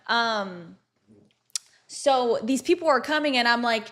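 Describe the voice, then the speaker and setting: A woman's voice: on the high side, animated, slow pace, a bit bright. A young woman livestreaming, casually telling stories to her chat, swearing freely and laughing often.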